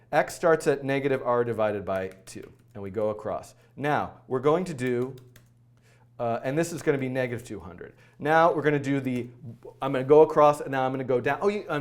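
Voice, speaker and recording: A man hosting a live coding stream, thinking aloud in a rushed, flustered way, full of fillers and self-corrections. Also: medium pitch. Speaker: coding livestream host.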